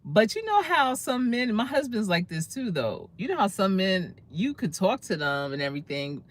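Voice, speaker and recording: A woman's voice: medium pitch, sing-song, moderate pace. A woman in her fifties, a career coach, telling a casual story and laughing often.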